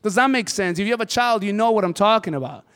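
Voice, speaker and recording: A man's voice: high voice, expressive, fast, fairly bright tone, smooth. A man preaching a sermon as pastor, impassioned and conversational. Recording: hall reverb.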